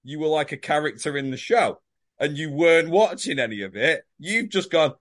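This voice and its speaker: A man's voice: on the high side, lively intonation, normal speed, a bit bright. A man co-hosting a podcast, teasing and correcting his co-host in sweary casual chat.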